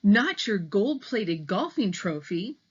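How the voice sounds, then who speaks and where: A woman's voice: mid-range voice, sing-song, slow pace, slightly rough, exaggerated voice. A woman voicing a worried mother who gasps out anxious questions. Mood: alarmed. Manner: gasping, alarmed questions. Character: worried mom questioning grandpa. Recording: slightly muffled audio.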